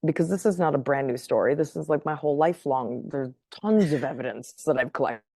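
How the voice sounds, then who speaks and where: A woman with a low, warm and mellow voice tells a personal story as a podcast guest. She is animated, laughs often and keeps checking in with her listener. The recording is dry and close, with no room sound. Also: fast talker, vocal fry, husky, no room sound. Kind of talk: casual storytelling in conversation.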